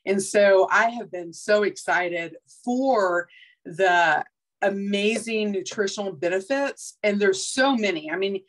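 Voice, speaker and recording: A woman's voice: mid-range voice, a little slow, poor audio. A woman guest on a casual team video call with a polished, radio-actress type voice, speaking in an effusive, gracious way.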